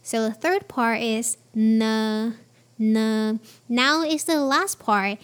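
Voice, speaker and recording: A woman hosting a pronunciation lesson, spelling out letters and repeating each word slowly and clearly. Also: fairly high pitch. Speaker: pronunciation teacher and host. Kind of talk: slow, careful pronunciation lesson.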